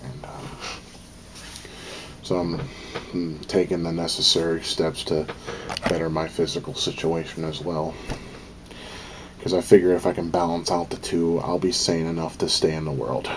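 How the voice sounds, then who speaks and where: Man, very low voice, home vlogger, breathless, loose and rambling with cursing rants. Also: little pitch movement, normal speed, noisy background. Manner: rambling, frequent ums, profane venting. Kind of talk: casual vlog monologue.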